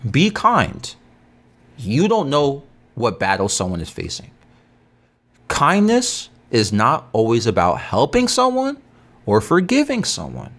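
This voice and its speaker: A man hosting a podcast, talking to his listeners in a heated monologue. He is agitated, swinging between loud outbursts and slow preaching. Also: medium pitch. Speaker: podcast host.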